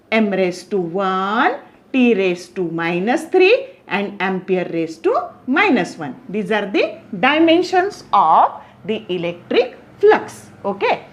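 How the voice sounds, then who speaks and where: Slow, lively-voiced woman teaching physics. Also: on the high side. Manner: slow, repetitive explaining with frequent "okay". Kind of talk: whiteboard physics lesson.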